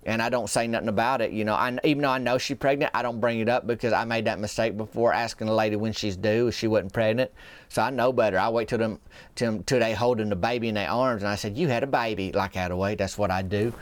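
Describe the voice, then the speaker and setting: A man's voice: fairly low pitch, fast talker, no echo. Rambling drawling man, dry sound. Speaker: comedic podcast host. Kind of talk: folksy comic storytelling monologue.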